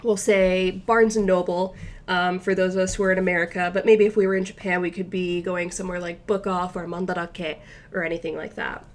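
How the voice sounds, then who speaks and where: A woman with a fairly low, level-toned voice teaches a language lesson on a recording. She explains each point with patience, step by step, and takes the example phrases more slowly.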